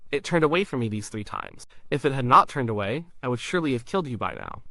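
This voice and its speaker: A man's voice: medium pitch, lively intonation, quick pace, vocal fry, pushed and bright, no room sound. A man voicing a stern male angel with a drawn sword, speaking in a solemn, warning way in a storybook retelling.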